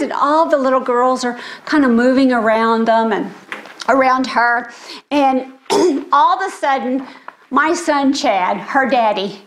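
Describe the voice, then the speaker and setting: A woman's voice: high voice, a little slow, slight background noise. An older woman with grandchildren, giving a sermon in an earnest storytelling way. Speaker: speaker.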